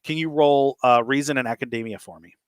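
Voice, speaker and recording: A man's voice: medium pitch, fairly quick, clear, resonant tone, dry recording. Easygoing man running a tabletop game. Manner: relaxed, full of ums and uhs. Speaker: game master.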